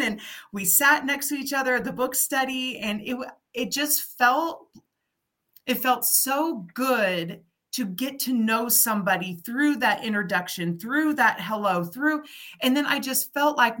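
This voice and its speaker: A middle-aged woman in casual chat, telling an animated story and acting out the people she quotes. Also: a little high, measured pace.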